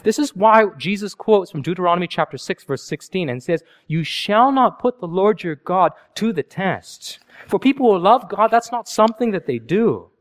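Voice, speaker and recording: A man preaching a sermon, animated and storytelling, with many rhetorical questions. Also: high voice, moderate pace, few pauses.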